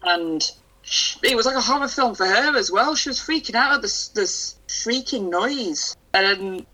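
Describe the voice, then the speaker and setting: A woman's voice: a little high, animated, measured pace, sharp tone, poor audio. A woman in casual chat, thoughtfully analysing a film and restarting her phrases.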